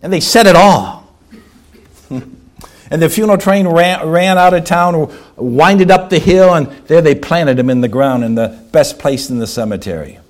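A male pastor preaching a sermon, swinging between loud exhortation and hushed appeals, asking rhetorical questions and slowing down on key words. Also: on the high side.

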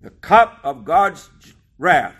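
A man preaching a sermon, reading scripture aloud slowly and with emphasis, with some hesitant fillers. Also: a little high, sing-song, a bit bright.

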